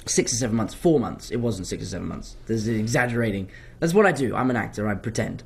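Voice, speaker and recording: A young man, an actor chatting casually and excitably through a live fan Q&A with a self-mocking tone. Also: on the low side, fast, vocal fry, breathy edge. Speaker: actor answering fan questions.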